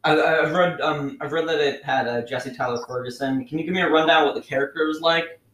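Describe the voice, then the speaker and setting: A man's voice: on the high side, fairly even intonation, brisk, fairly bright tone. A man hosting a podcast, asking questions hesitantly and stammering now and then. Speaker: podcast host. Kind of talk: casual podcast interview. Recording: echoey room with faint noise.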